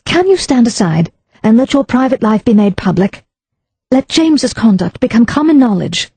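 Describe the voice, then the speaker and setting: A woman narrator voicing a quick-witted young woman sleuth, brisk and persuasive. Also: fairly high pitch, very animated, warm tone, husky, no room sound, pitched above the performer's own voice, full character voice. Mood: urgent.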